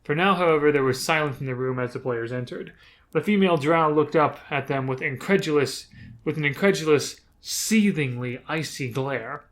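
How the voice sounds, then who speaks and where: A man's voice: on the high side, moderate pace. A man recapping a tabletop campaign he ran as game master. He tells it casually, with rambling asides and frequent self-corrections.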